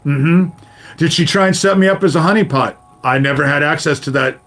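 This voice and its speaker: A man's voice: on the high side, fairly bright tone. A man in his fifties ranting on his own livestream, swearing heavily, talking straight at viewers and ending lines with "you know?". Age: 50s. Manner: swears constantly, addresses viewers directly, repeats "you know?". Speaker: livestream host. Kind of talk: profane livestream rant to chat.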